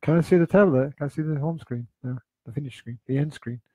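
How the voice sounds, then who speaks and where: Slow, husky-voiced male podcast host. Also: on the high side, dark tone, no echo, low-quality recording. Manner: slow, halting, repeats words, dry teasing. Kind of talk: casual chat.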